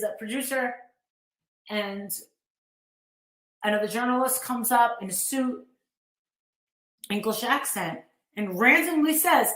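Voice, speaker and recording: A woman's voice: on the high side, echoey room. A woman telling a story in a casual way, acting out the dialogue she quotes. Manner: animated, acts out quoted dialogue. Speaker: live-streamer recounting events.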